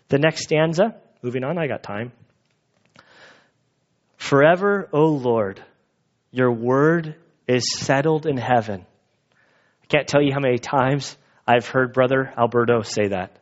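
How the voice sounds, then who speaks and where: A man's voice: mid-range voice, unhurried, pauses often. A pastor preaching an earnest, conversational sermon to his church congregation. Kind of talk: expository sermon. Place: church sanctuary. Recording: dull lo-fi recording.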